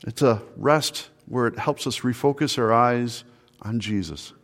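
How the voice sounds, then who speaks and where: A man's voice: medium pitch, measured pace. A male pastor preaching an earnest sermon, often repeating words and asking the listeners questions. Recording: long hall reverb.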